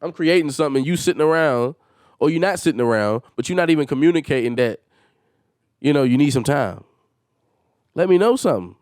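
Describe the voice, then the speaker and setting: A man's voice: on the high side, expressive, brisk, pauses often, darkish tone, dry recording, clean studio sound. A man hosting a solo podcast, venting in a heated and exasperated way with emphatic swearing. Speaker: podcast host.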